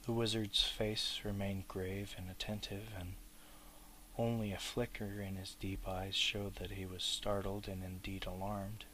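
A male audiobook narrator with a somewhat low voice and a slow, measured delivery. A faint hiss sits under the recording. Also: little pitch movement, pushed and bright, rough recording. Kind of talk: scripted narration.

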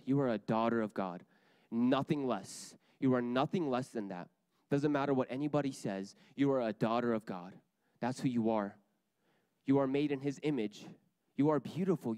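A man's voice: mid-range voice, dark tone, clean tone, no room sound. A young man giving an earnest sermon to a church group, repeating his key lines for emphasis.

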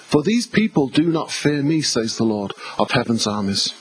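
A man's voice: mid-range voice, sing-song, normal speed, a little hiss or hum, low-quality recording. An English man preaching a sermon as pastor, emphatic and conversational, repeating himself and speaking to the congregation. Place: church hall.

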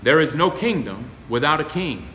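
A man preaching a sermon as pastor, folksy and emphatic, rising to loud exclamations. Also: fairly high pitch, big pitch swings, normal speed, a little hiss or hum. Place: church sanctuary. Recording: echoey, reverberant hall.

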